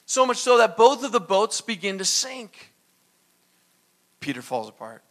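A man preaching a sermon as pastor, animated and acting out little dialogues. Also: sits high, a little slow.

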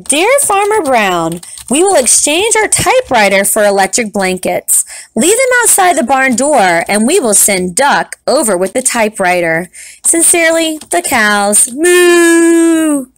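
A woman voicing a herd of cheeky female cows who type notes, reading them in a sing-song way with loud moo endings. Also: sits high, sing-song, measured pace, dry recording.

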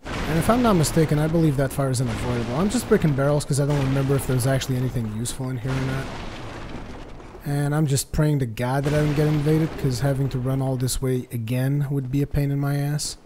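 A man doing joking, sarcastic gameplay commentary, getting excited during fights. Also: medium pitch, quick pace, background noise. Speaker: let's play commentator.

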